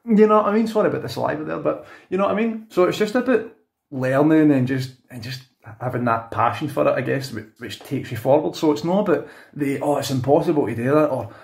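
Chatty Scottish beatbox tutor. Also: male voice, on the high side, expressive, brisk, gravelly. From Scotland. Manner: chatty, rambling, frequent self-corrections and "you know what I mean". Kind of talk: casual video tutorial.

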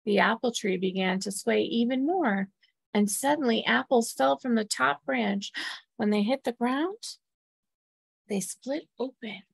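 A woman's voice: a little high, measured pace, creaky, slightly rough, dry recording. Woman reading a picture book aloud. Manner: warm, asks listeners questions. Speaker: temple staff or clergy storyteller.

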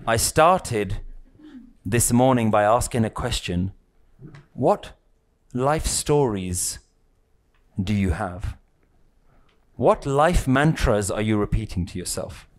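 A man teaching a spiritual lesson to a live group, speaking slowly in repeated phrases and asking his listeners rhetorical questions. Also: on the low side, animated. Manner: slow, questioning, repetitive phrasing.

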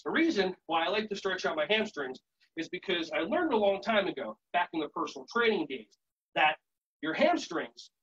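A man teaching a live virtual workshop, playful and energetic, chanting songs and shouting sudden "aya" calls. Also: sits high, breathy edge, highs cut off. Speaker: children's yoga and martial arts instructor.

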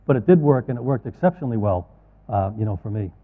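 A man's voice: medium pitch, lively intonation, fast. Middle-aged man, earnest folksy speaker, lo-fi hall recording. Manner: folksy, earnest, storytelling with asides. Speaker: conference speaker. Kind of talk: keynote talk to financial advisors. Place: large conference hall. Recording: tinny, echoey hall audio.

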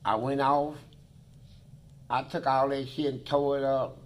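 A man's voice: medium pitch, little pitch movement, unhurried. A man being interviewed who tells blunt, profane stories about prison life in a vivid, swearing manner. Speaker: interview guest.

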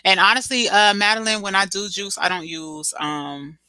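A woman's voice: medium pitch, fairly even intonation, moderate pace, sharp tone, no room sound. A young woman hosting a casual livestream, talking to her chat in a chatty, dramatic way with lots of slang. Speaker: livestream host reading chat.

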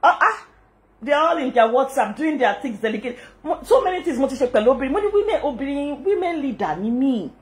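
A middle-aged Nigerian woman with a Yoruba-inflected accent hosts a casual vlog, talking fast in a high voice. She's animated and indignant, laughs often, and switches between English, Pidgin and Yoruba.

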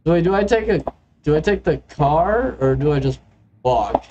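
A man's voice: fairly high pitch, lively intonation, moderate pace, warm tone, dull audio. A man casually commenting while playing a game, chatty, swearing and humming, on a noisy home mic. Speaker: gamer.

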